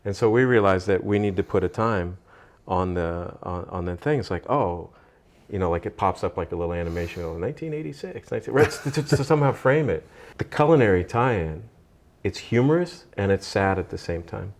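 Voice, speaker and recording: A man hosting a podcast, chatting casually and telling animated stories with acted-out quotes. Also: sits low, a little fast. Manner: animated, acts out quoted voices. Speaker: podcast host. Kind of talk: casual storytelling chat.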